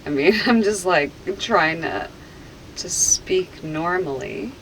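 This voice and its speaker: A woman, a hypnosis volunteer, reacting unscripted, bewildered and embarrassed, her voice swinging between loud and hushed. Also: lowish voice, animated, takes it slowly, a little hiss or hum, rough recording.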